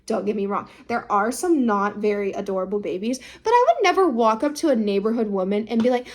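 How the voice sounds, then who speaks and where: A young woman recapping a drama in a casual, chatty way, peppering her talk with "like" and "okay" and jumping into voices for the people she quotes. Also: a little fast. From United States. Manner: animated, jumps into high-pitched voices for quoted people.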